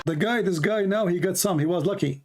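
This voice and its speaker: Male, Arabic native, Middle Eastern origin; slightly high voice; sarcastic, scoffing video commentator. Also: brisk, noisy background. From Middle East. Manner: mocking, sarcastic. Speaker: religious commentator. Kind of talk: casual commentary over a video.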